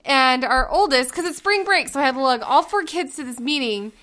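High bright-voiced mom in her 30s, chatty animated storyteller, laughs a lot. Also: brisk. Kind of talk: casual storytelling chat.

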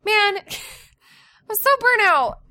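A woman in her thirties, a mother and podcast co-host, telling a family story in a casual, animated way with lots of laughter. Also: very high voice, slow pace, no room sound. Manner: animated, laughing, acts out shouted quotes.

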